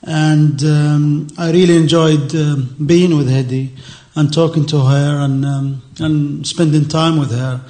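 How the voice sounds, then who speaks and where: Earnest man, fairly high voice. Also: fairly even intonation, warm tone. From Palestine. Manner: earnest, emotional, halting with repeated phrases. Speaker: activist speaker. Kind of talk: public speech on a panel.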